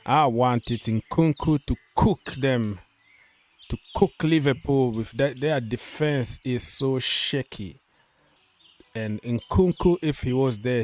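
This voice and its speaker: A man hosting a casual football live stream, talking loosely, repeating himself and reading out viewer comments, with a delivery. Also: mid-range voice.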